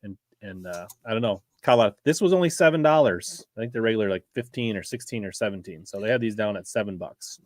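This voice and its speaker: A man's voice: on the low side, animated, quick pace, hardly any pauses, dry recording. A man hosting a casual chat, easygoing and critical, with frequent fillers like "like" and "uh". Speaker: channel host.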